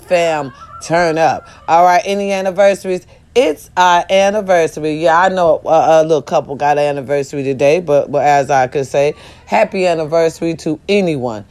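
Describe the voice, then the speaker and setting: Woman vlogger, casual and profane, lowish voice, animated storyteller. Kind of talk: casual talk to viewers.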